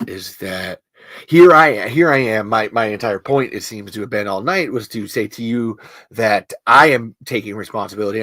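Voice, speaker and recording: Trans livestream host, medium pitch, close dry mic, halting and candid, heartfelt. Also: a bit bright, no echo. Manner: halting, personal, emotional. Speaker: podcast host reading live chat comments. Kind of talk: casual livestream chat.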